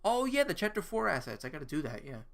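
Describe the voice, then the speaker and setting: A young man chatting casually on a live stream, halting and self-questioning, swearing now and then. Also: a little high, big pitch swings, creaky.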